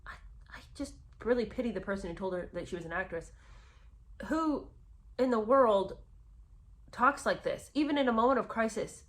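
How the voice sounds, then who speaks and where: A woman's voice: on the high side, lively intonation, normal speed, long pauses. A woman giving sarcastic, incredulous commentary while reading from a memoir. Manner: scornful, incredulous, emphatic.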